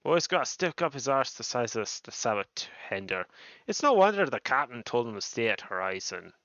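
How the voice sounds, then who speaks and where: A man voicing a gruff, scornful game soldier who talks in crude, mocking slang. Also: medium pitch, sing-song, brisk, sharp tone, dry recording, highs cut off.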